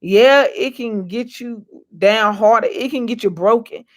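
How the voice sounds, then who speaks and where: A woman's voice: fairly high pitch, a little slow. A woman vlogger giving a faith-based motivational talk, preachy and repetitive, folksy and calling out to her viewers. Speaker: inspirational vlogger.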